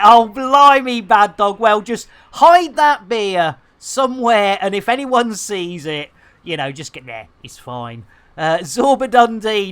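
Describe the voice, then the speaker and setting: A woman's voice: medium pitch, fairly bright tone. A woman, chatting casually and self-mockingly while streaming a game, laughing and swearing mildly. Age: 50s. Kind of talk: casual live-stream chat.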